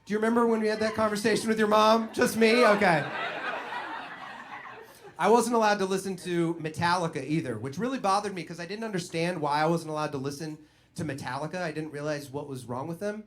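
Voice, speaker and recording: A man's voice: high-pitched, a little fast, a bit bright, a little hiss or hum. A man performing a stand-up comedy routine, telling stories animatedly and acting out other people's voices.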